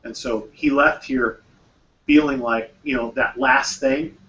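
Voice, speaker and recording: A man's voice: mid-range voice, fairly even intonation, a little slow, fairly bright tone. A man hosting a mastermind group discussion, talking casually and often acting out quoted exchanges with repeated phrases. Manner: conversational, repeats phrases, acts out quoted dialogue. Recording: distant, dull, faint room noise.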